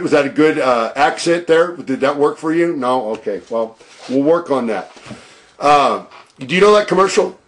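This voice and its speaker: A man's voice: medium pitch, animated, normal speed. Boastful, theatrical man talking to camera. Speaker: video blogger. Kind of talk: casual video blog monologue. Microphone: own camera at home.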